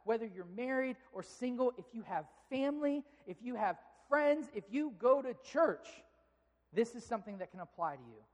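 A male pastor giving a sermon, telling a story with lively, animated delivery. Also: very high voice, moderate pace. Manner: animated storytelling, shouting quoted outbursts. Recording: long hall reverb.

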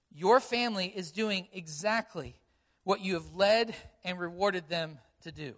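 A man's voice: high-pitched, a little slow, fairly bright tone. A man preaching a sermon as a pastor, earnest and conversational, repeating key phrases for emphasis and telling stories from his own family life.

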